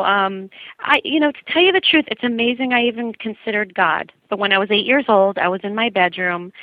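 A woman's voice: medium pitch, no echo. A woman, a singer-songwriter guest, telling her personal story in an earnest, storytelling way over the phone. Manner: earnest storytelling, lively quoted voices. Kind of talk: personal testimony in a phone interview. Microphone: telephone. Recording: tinny phone line.

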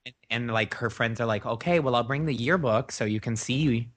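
A man co-hosting a podcast, chatting casually in a relaxed way with hesitant restarts. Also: medium pitch, normal speed. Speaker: podcast co-host. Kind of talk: casual chat.

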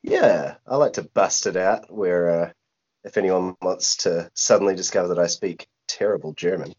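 A man's voice: low-pitched, normal speed, darkish tone, husky, highs cut off. A man talking casually as a guest player on a podcast, wry and self-mocking.

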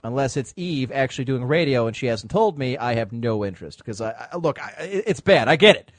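A man's voice: medium pitch, expressive, fairly quick, no room sound. A man hosting a podcast, joking and bantering loosely in casual chat. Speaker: podcast host.

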